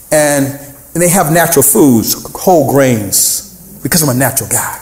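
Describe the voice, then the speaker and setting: A man preaching a sermon as pastor, animated, calling out to the congregation and half-singing some phrases. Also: fairly high pitch. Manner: animated preaching with call-and-response and sung phrases. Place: church sanctuary. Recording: echoey church room.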